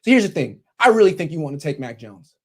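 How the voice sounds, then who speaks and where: Sarcastic male vlogger, scolding and mocking, lively swinging pitch, bedroom setup. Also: fast, slightly rough. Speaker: sports commentator. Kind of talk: sarcastic vlog rant.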